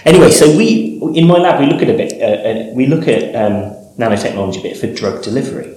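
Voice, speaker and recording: A man's voice: mid-range voice, animated, quick pace, mellow, heavy reverb, a little hiss or hum, low-quality recording. A man co-hosting a casual science chat, playful and teasing. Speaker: podcast co-host, scientist.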